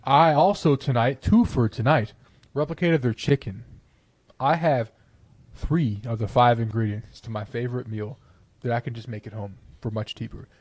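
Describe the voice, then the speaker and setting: This young podcast co-host chats casually, opinionated and playful, pushing his views with confidence while his sentences trail off into restarts. He speaks at a medium pitch and moderate pace in a darkish tone. The recording has no room sound.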